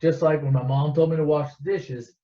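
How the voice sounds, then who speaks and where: A man's voice: a little high, fairly even intonation, fairly quick, natural voice. A man voicing a huge worm-like male crime boss who rambles defensively and stumbles over his words. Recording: echoey dull lo-fi recording.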